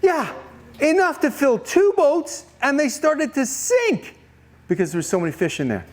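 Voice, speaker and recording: A man's voice: extremely high pitch, normal speed. A man giving a youth camp sermon, retelling a Bible story and questioning his listeners. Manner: animated storytelling, questions to the audience. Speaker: camp speaker.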